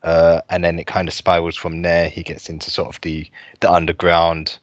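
Deep young male co-host, rambling casual chat, dry muffled recording. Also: completely flat delivery, normal speed, no room sound. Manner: rambling, laughing, full of fillers. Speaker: podcast co-host.

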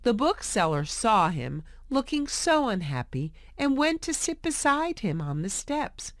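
Slow, expressive woman reading a story. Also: fairly high pitch, no echo, clean studio sound. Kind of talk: scripted storybook narration for English learners.

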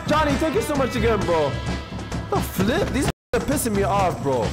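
Young man, game streamer, excitable, wide-ranging pitch, loud then mumbling. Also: moderate pace, over loud music. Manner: loud, animated, swings from shouting to muttering. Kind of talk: live gameplay commentary.

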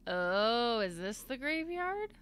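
Female game streamer, lively and chatty, noisy mic audio. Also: on the high side, slow. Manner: animated, talks to the game, repeats "no" in bursts. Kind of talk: live game-play commentary.

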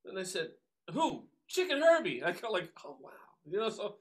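A man, a drummer telling stories as a guest, animated and acting out the voices of people he quotes. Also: high-pitched, moderate pace. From Long Island, New York. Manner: animated, acts out quoted voices, many fillers. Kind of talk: casual storytelling interview.

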